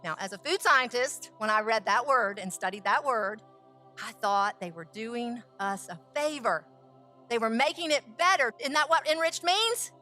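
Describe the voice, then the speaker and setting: A woman, a food scientist and baker, telling a lively story and acting out the voices of the people in it. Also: on the high side, normal speed, soft background music. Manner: lively, acts out quoted dialogue. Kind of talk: storytelling talk.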